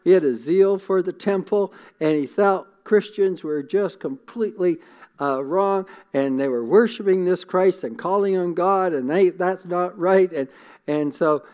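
A man's voice: sits high, measured pace, darkish tone. Earnest, conversational preacher man. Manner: earnest, conversational, repeats words as he thinks. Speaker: pastor. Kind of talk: sermon.

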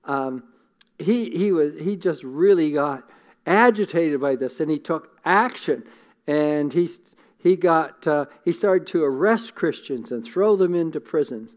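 A man's voice: a little high, expressive, measured pace. A man preaching a sermon in an earnest, conversational way, often repeating words as he thinks. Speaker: pastor.

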